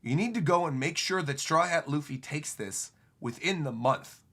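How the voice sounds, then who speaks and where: A man's voice: fairly high pitch, expressive, moderate pace, bright, forceful tone, pitched below the performer's own voice, heavily acted. A man voicing a menacing male pirate messenger in a cold, threatening tone, reading comic panels aloud.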